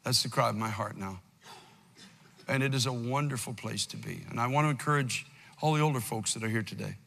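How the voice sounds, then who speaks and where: A man in his sixties preaching a sermon as pastor, with passionate swings between loud climaxes and quiet pleading. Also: medium pitch, brisk, vocal fry, long reverb tail. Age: 60s. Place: large church hall.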